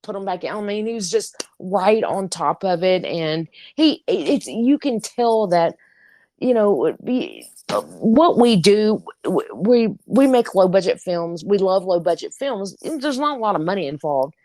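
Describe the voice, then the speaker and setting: A woman co-hosting a podcast in casual chat, animated and laughing, swearing freely as she tells stories. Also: mid-range voice, a little slow, no room sound. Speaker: podcast co-host.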